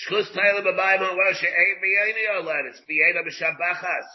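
A man, a rabbi, teaching a Talmud class, explaining slowly in English dotted with Hebrew and Aramaic terms, with many restarts. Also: high voice, steady tone, a little hiss or hum. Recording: dull lo-fi class recording.

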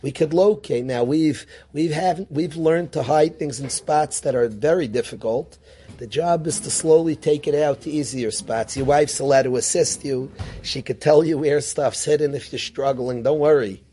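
Rebbe guy teaching torah, warm mellow voice, kinda high, asks lots of questions. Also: normal speed. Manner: animated, rhetorical questions, Yiddish-Hebrew terms. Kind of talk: Torah class.

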